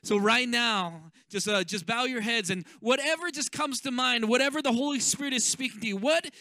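A man's voice: extremely high pitch, moderate pace, bright, forceful tone, no echo. A male pastor inviting the congregation to stand and pray, leading in an earnest way. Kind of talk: closing prayer invitation.

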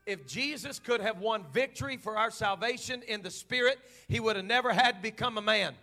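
A middle-aged man, preaching a sermon in church, moving between quiet storytelling and shouted, fervent preaching. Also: sits high, a little fast.

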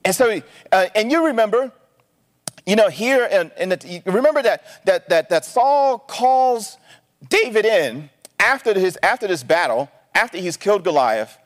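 Animated male pastor preaching. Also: sits high, normal speed, in a large hall. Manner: animated, conversational, tags points with "right?". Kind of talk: sermon.

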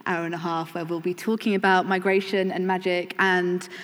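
Woman panel chair, lowish voice, casual and friendly, hall reverb, faint noise. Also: little pitch movement, moderate pace. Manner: friendly, laughs easily, some fillers. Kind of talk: live panel moderation.

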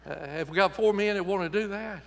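A man's voice: sits high, a little fast, vocal fry, a bit bright, big-room sound. A man preaching a sermon in a church, folksy and joking, acting out voices when he quotes people. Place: church sanctuary.

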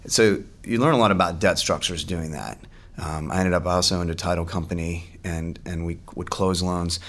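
A man with a very low, deep voice talks casually as a podcast guest. He tells stories in an animated way and acts out other people's lines. He laughs easily. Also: normal speed. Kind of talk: casual storytelling chat.

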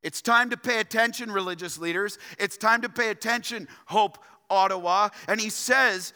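A man's voice: sits high, moderate pace, sharp tone, smooth, big-room sound. A man preaching a sermon as pastor, emphatic and fond of repeating key phrases for stress. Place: church sanctuary.

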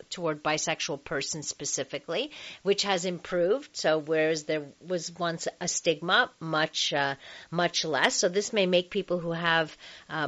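A woman's voice: lowish voice, a bit bright, lo-fi sound. A woman hosting a radio talk show about sex, chatting casually with lots of fillers and easy laughter.

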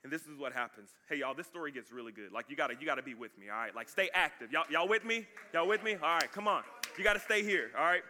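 A man preaching a sermon as pastor, energetic and casual, calling out to his congregation. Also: fairly high pitch, quick pace, few pauses.

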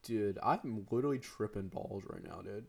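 A man's voice: on the low side, normal speed, creaky, noisy background. Brief: teen boy podcast co-host, casual slangy chatter, laughs a lot. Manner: slangy, laughs often, rambling. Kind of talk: casual chat between friends.

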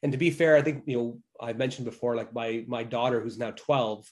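A man's voice: mid-range voice, fairly quick. A man in his forties, co-hosting a podcast, talking casually and telling stories with lots of fillers. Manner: animated storytelling, frequent fillers. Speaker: podcast co-host.

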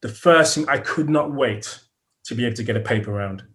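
In a relaxed podcast interview, a middle-aged British guest earnestly reflects and tells stories in a mid-range voice, speaking a little fast. As he thinks, he repeats words and starts phrases over, and he laughs softly quite often.

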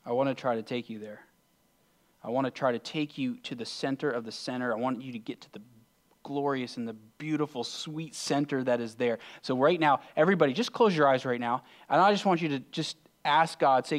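Pastor, male, mid-pitched voice; earnest sermon delivery that swings from loud urging to hushed near-whispers. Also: moderate pace. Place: church sanctuary.

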